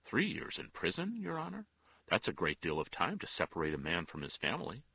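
A man's voice: sits low, huge pitch swings, fairly quick, vocal fry, husky, dry recording, highs cut off, full character voice. A man voicing an earnest, strong-willed nun who speaks firmly and pleads with feeling. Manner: firm, pleading.

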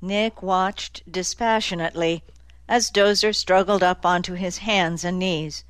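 A woman's voice: on the low side, steady tone, unhurried, a bit bright, no room sound. Woman narrating a crime novel. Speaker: audiobook narrator. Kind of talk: scripted narration.

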